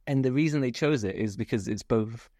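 A woman's voice: very deep voice, fairly quick, no room sound, studio quality. A young woman co-hosting a casual podcast, chatting easily and reading out facts. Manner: relaxed, reads facts aloud. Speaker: podcast co-host. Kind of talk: casual chat.

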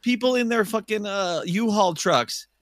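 A man's voice: high-pitched, a little slow, fairly bright tone. A man co-hosting a podcast, telling irritated stories in casual, heavily profane banter. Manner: complaining storyteller, heavy swearing. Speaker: podcast co-host.

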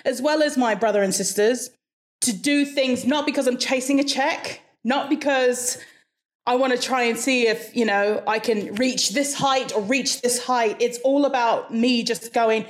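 A woman guest from Hawaii speaking with an English-leaning accent in a somewhat high voice. She talks frankly and chattily, with quick asides. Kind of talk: casual interview chat.

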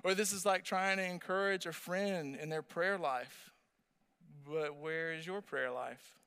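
Bright-voiced animated male preacher. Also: a little high, unhurried, clean tone. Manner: animated storytelling, asks the audience questions. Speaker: pastor. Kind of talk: sermon.

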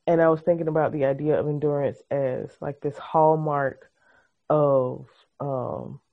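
A woman co-hosting a podcast in casual chat, expressive and storytelling. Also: low-pitched, measured pace, creaky. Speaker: podcast co-host. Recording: muffled video-call audio.

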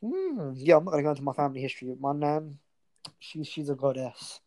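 A man's voice: mid-range voice, level tone, fast, a little mellow, no echo, rough recording. A man co-hosting a casual chat, rambling and effusive, easily going off on tangents. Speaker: podcast co-host.

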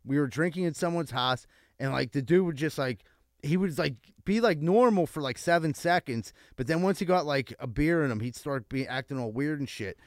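A man with a slightly raised pitch hosts a casual radio chat. He tells rambling, profane stories full of fillers. The studio sound is close and dry. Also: fairly quick, no room sound. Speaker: radio show host.

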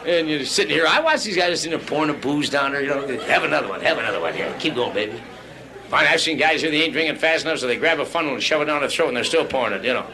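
Brash male club comic, quick patter, higher voice, live room with crowd laughing. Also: animated, poor audio. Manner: brash, rambling, crude banter with the crowd. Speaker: stand-up comedian. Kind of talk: nightclub stand-up routine. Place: nightclub before a live audience. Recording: live club recording with audience. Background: audience laughter.

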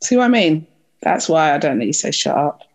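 A middle-aged woman co-hosting a casual family podcast, talking in an animated, laughing, defensive way. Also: low voice, a little fast. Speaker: podcast co-host and mother.

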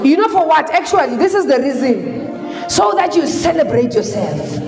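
A South African woman giving an emphatic motivational speech to a university audience, repeating phrases and building to shouts. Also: high voice, sing-song, moderate pace. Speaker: motivational speaker. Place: large hall. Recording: long hall reverb, faint music behind.

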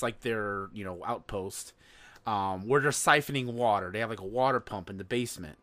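A man's voice: mid-range voice, bright, forceful tone, no echo. A man hosting a podcast, chatting casually about a movie, rambling with lots of fillers and laughs. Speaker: podcast host. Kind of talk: casual movie-review chat.

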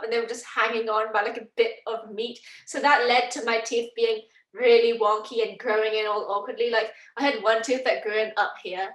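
A woman guest telling lively, self-mocking stories in a casual chat over a video call. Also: fairly high pitch. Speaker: interview guest. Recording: echoey distant video-call audio.

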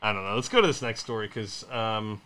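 Brief: male podcast co-host, teasing casual banter, bright forceful voice. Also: on the low side, expressive. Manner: teasing, playful, halting with fillers.

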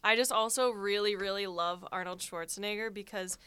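A woman's voice: mid-range voice, fairly even intonation, moderate pace, fairly bright tone, a little hiss or hum. A young woman co-hosting a casual chat, playful, laughing a lot and swearing casually. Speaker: podcast co-host.

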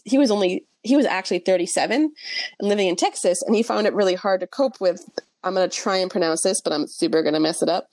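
A chatty young woman talks through a book she loved, animated and full of fillers and little self-mocking jokes. Her voice sits mid-range and sounds close and dry, with no room around it. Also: medium pitch, no echo. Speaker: podcast co-host reviewing books. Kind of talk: casual chat.

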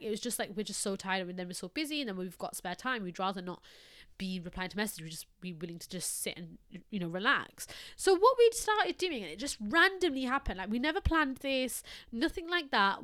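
A woman's voice: fairly high pitch, a bit bright. A young woman in her twenties hosting a podcast, telling everyday stories in a chatty, rambling way. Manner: chatty, storytelling, many fillers. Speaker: podcast host. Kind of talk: casual monologue.

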